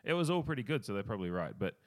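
A man's voice: fairly low pitch, sing-song, rapid-fire. An Australian man co-hosting a podcast in casual chat, laughing often and swearing freely. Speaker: podcast co-host.

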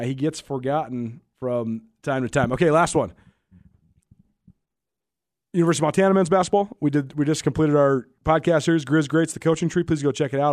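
A slightly higher-voiced man co-hosting sports radio, firing off numbers and records at a quick clip. The sound is close and dry, straight from the studio. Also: a little mellow, no room sound. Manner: quick, stat-heavy explaining. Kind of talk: sports talk, trivia questions.

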